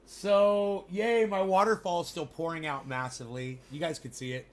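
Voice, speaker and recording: A man's voice: on the high side, fairly even intonation, moderate pace, hardly any pauses. A man rambling casually to his viewers from home, loose and profane, talking straight at the audience. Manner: loose, profane, chatty, addresses viewers directly. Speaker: vlogger. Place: home in the mountains.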